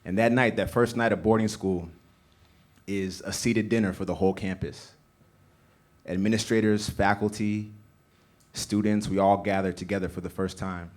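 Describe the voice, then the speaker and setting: Brief: young male storyteller, lowish voice, earnest and rhythmic, live theater mic. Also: fairly even intonation, moderate pace. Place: small theater stage.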